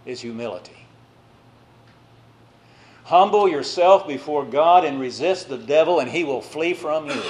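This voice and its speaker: A male preacher giving a sermon, swinging between loud exhortation and quiet, drawn-out phrases, with conversational asides to the congregation. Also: on the high side.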